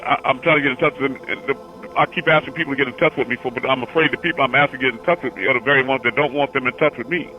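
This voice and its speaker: A man's voice: medium pitch, muffled recording. A man hosting a call-in session, talking casually and rambling, repeating words as he recounts long visions. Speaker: host answering callers.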